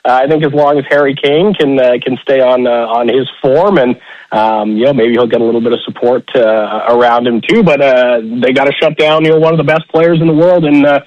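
A man calls in as a guest on a radio chat, talking in an easygoing way with plenty of fillers. His voice sits at a middle pitch. The sound is dull and lo-fi, with a dry feel. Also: steady tone, fairly quick, no echo. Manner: easygoing, laughs often, many fillers. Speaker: play-by-play announcer guest.

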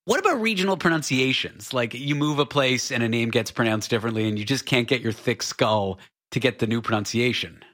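A man's voice: medium pitch, fairly quick, fairly bright tone. A man in his forties from Canada, co-hosting a radio talk show in a chatty, self-deprecating way. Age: 40s. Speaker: radio co-host. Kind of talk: casual radio chat.

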